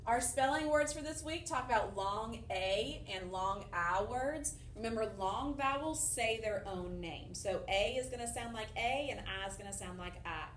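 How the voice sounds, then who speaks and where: A woman's voice: fairly high pitch, expressive, normal speed, few pauses, fairly bright tone, far from the mic, slight background noise. A woman teaching a fourth-grade grammar lesson to children, upbeat and encouraging, explaining step by step. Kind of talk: recorded remote lesson for children. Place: empty classroom. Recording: echoey room, voice off-mic.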